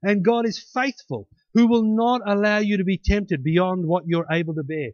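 This pastor speaks at a moderate pace in a high-pitched voice, preaching conversationally, restarting sentences and often ending points with "hey?" It's a dull, dry, lo-fi recording without any room sound.

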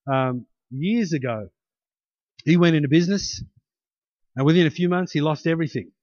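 A middle-aged man preaching a sermon, his voice sitting a little high for a man. He talks in a chatty, storytelling way and lifts into emphatic peaks. The sound is dry and slightly dull. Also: dry recording. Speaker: pastor.

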